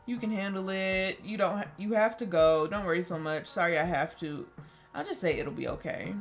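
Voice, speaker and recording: A young woman reading a story game aloud and breaking off into jokey, animated asides to the characters. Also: lowish voice, normal speed, faint music behind. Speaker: game streamer.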